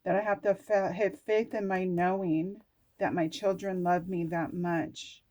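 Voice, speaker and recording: A woman's voice: on the low side, steady tone, a little slow, a little mellow. A middle-aged woman chatting through an oracle card reading, talking to herself and reading card texts aloud with casual swearing.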